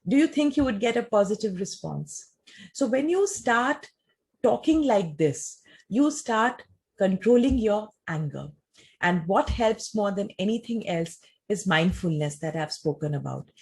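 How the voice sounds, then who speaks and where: A woman gives a talk and answers audience questions in a measured, explanatory way, often using rhetorical questions. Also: medium pitch, animated, a little mellow, husky.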